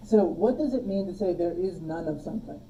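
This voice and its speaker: Very dark-voiced woman teaching logic. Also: lowish voice, brisk, far from the mic, a little hiss or hum, rough recording. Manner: relaxed, asks the class questions and jokes. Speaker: logic instructor. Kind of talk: classroom lecture. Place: classroom. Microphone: phone streaming the class.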